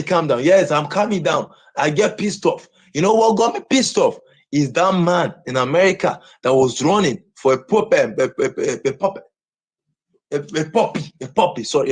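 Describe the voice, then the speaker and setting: A man ranting on a livestream, his high, husky voice swinging wildly up and down. He shouts and repeats himself in agitation.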